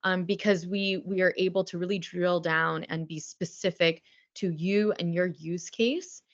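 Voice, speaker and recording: A woman with a somewhat low voice answers a webinar question on behalf of her company. She speaks conversationally and leans on filler words. The call audio sounds dull and lo-fi. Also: fairly even intonation, a little slow. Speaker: vendor representative on a webinar.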